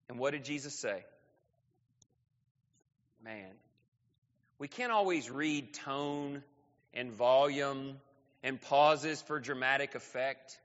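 A male pastor preaching a sermon. His voice swings from loud to soft within a breath. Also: medium pitch, slow pace, long pauses. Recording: dull sound with long reverb in a hall.

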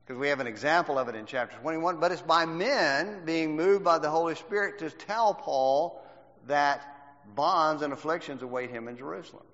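Guy running a bible class, keeps asking the class questions, slightly high voice, long hall echo. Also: moderate pace, fairly bright tone. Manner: quizzes the class with questions, emphatic. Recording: dull lo-fi recording in a reverberant hall.

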